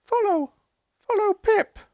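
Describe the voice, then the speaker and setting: A man's voice: very high voice, takes it slowly, a little mellow, dry recording, muffled recording, pitched above the performer's own voice, heavily acted. A man voicing a tiny fox-like hologram creature that speaks in short, broken, bell-like phrases. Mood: alarmed.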